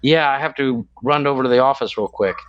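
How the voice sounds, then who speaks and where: A man's voice: mid-range voice, fast talker, muffled recording, a crowd in the background. A man co-hosting a podcast in casual chat, rambling and searching for words. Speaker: podcast co-host.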